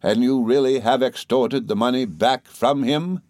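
Guy putting on a stern old aunt voice, slow and clipped, a bit higher, dry close sound. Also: a little mellow, dry recording, lightly acted. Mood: firm, composed. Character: stern composed elderly aunt, woman.

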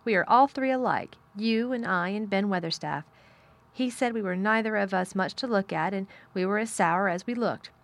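A woman's voice: mid-range voice, normal speed, gravelly, natural voice. A blunt, sour-tempered young girl from a storybook who speaks frankly and plainly, as a woman reads her aloud. She talks in a straightforward, unfussy way.

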